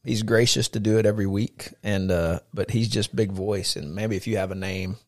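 Gravelly man, lowish voice, earnest podcast co-host teaching faith with lots of fillers. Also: normal speed. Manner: earnest, lively, frequent fillers. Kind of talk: casual chat and faith teaching.

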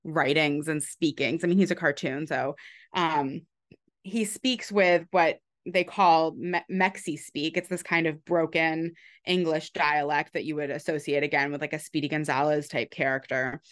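A woman author being interviewed, explaining her book in a relaxed, conversational way with frequent ums and restarts. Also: sits low, normal speed.

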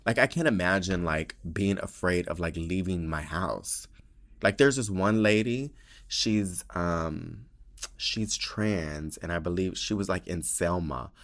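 A man hosting a podcast in casual chat, expressive and profane, with many filler "likes". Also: low voice, measured pace. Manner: expressive, profane, heavy use of "like". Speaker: podcast host.

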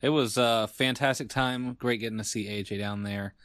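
Co-host, a man with an average voice, easygoing and halting, recorded dry and close. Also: medium pitch, no room sound. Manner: relaxed, halting with fillers. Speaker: podcast co-host. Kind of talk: casual sports podcast chat.

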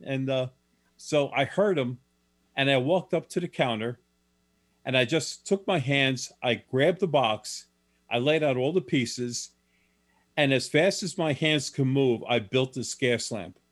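A man's voice: mid-range voice, a little slow. A man who is an author telling stories as a guest in an interview, plain and matter-of-fact, with some restarts. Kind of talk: storytelling in a radio interview.

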